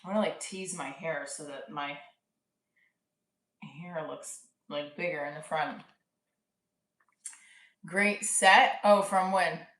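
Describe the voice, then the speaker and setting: A woman's voice: deep voice, takes it slowly, pauses often, a bit bright, recorded from a distance. A woman in her thirties, a stand-up comic, talking candidly to camera in a rambling, casual vlog, swearing and laughing at herself. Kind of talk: casual self-talk vlog. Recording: roomy echo, voice a bit off-mic.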